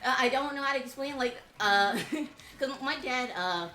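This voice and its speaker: A woman from Georgia in the US, a guest on a game stream, venting in blunt, profane talk with halting restarts. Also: high voice, sharp tone. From Georgia, USA. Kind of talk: casual chat on a game stream. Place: home room. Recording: roomy echo.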